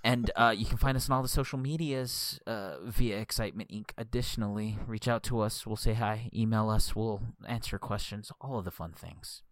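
Low-voiced podcast guest man. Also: moderate pace, few pauses, no echo. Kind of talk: casual chat.

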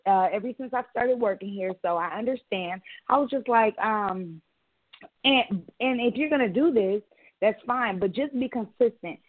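A woman tells her story in easy casual chat and swears without holding back. Her voice sits a little high. The sound is dry and thin, like a phone line. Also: moderate pace, dry recording. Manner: candid storytelling, swears freely. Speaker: podcast co-host. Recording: dry tinny phone-like audio.

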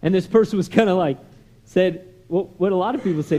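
A man preaching a sermon in a conversational, storytelling way, sliding from soft asides to loud, emphatic lines. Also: high voice, animated, fairly quick. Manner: conversational storytelling with many "you know" and "right?" asides. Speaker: pastor.

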